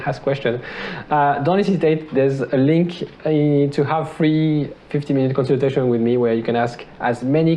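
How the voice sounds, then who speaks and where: A man with a slightly high voice talks straight to camera as a relationship coach. His delivery is loose and chatty, full of fillers and restarts, with light laughs between points, and a faint hiss of noise sits under the voice. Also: darkish tone. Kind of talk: casual advice monologue to camera.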